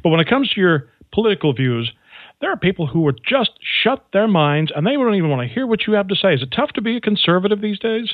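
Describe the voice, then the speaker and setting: A man's voice: sits high, sing-song, fast talker, no echo. A man interviewing a guest on the radio, setting up his questions at length in a conversational way. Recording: phone-like narrow band, dry.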